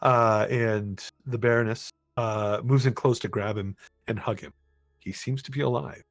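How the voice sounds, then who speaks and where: A man's voice: medium pitch, steady tone, measured pace, no echo, soft background music. A man narrating a tabletop game as game master, loose and full of fillers.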